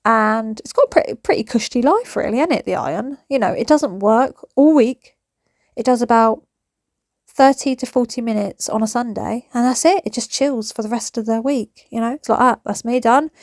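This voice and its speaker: A woman's voice: a little high, moderate pace, a little mellow, dry recording, clean studio sound. A woman, chatting her way through housework in a home vlog, ranting and joking about her day in a family kitchen. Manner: chatty, ranting, self-mocking. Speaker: vlogger. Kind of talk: chatty cleaning vlog narration.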